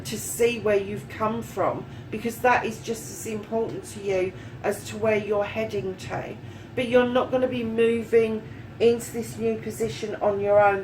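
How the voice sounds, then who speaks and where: A woman's voice: medium pitch, distant mic, a little hiss or hum, rough recording. A woman giving a casual, encouraging tarot reading, chatty and swearing freely as she talks. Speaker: tarot reader.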